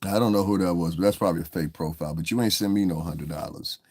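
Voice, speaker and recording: A man's voice: sits low, fast talker, a little mellow, no room sound. A man hosting a live stream, talking loosely and with lots of cursing to viewers in the chat. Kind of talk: casual live-stream commentary.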